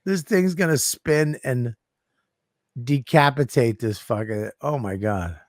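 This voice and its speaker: A man co-hosting a podcast in casual chat, talking in an animated, profane way and quick to be amazed. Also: medium pitch, dry recording, clean studio sound. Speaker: podcast co-host.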